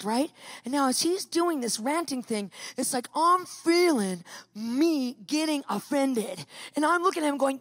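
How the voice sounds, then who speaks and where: High voiced woman preaching, telling a story all animated, dry close sound. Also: a little slow, dry recording. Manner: lively, animated storyteller who acts out quotes. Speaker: Christian speaker. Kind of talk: storytelling sermon.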